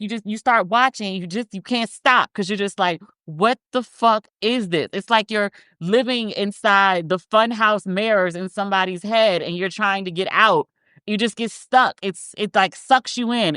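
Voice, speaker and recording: A woman's voice: medium pitch, a bit bright, no echo. Rambling woman podcast host, dry sound. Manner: rambling, self-interrupting storyteller with frequent restarts. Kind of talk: casual chat.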